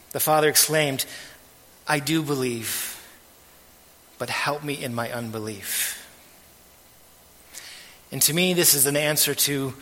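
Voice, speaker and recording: A man preaching a sermon as pastor, earnest and measured, letting his phrase ends trail off softly. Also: fairly high pitch. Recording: long hall reverb.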